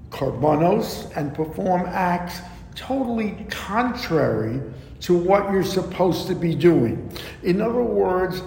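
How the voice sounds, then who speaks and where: A man teaching a verse-by-verse Bible lesson, explaining slowly and deliberately with frequent ums and asides. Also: high-pitched, creaky, a little mellow. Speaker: Torah teacher. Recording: echoey room with long reverb and faint background noise.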